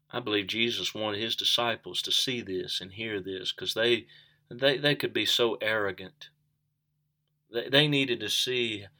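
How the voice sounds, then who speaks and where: A man's voice: lowish voice, pushed and bright. A man preaching a sermon, earnest, asking the listeners questions and repeating key phrases for emphasis.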